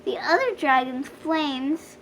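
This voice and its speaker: A woman's voice: sits high, expressive, fairly bright tone, a little hiss or hum, exaggerated voice. A woman voicing a bold young princess who speaks bluntly and matter-of-factly in a storybook reading. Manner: brisk and matter-of-fact.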